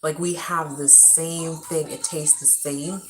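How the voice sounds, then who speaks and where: A woman's voice: low-pitched, slow pace, background noise. A young woman from Africa, chatting casually and rambling on a live stream from her home. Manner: chatty, rambling, animated storytelling.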